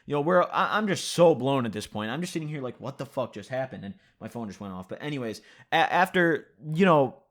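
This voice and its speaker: A man's voice: fairly high pitch, lively intonation, a little fast, few pauses, a bit bright. Young guy rambling a storytime vlog at his computer, lots of like and you know, swears a ton. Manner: loose, profane, filler-heavy storytelling. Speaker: vlogger. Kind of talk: casual storytime. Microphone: computer mic at a desk.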